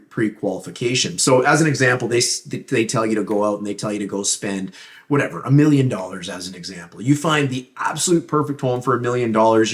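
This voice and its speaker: A man with a Canadian accent speaks at a middle pitch in a steady, earnest presenting voice. He explains things patiently and leans hard on the words that matter. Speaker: real estate agent. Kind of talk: presenting a buyer's guide to camera.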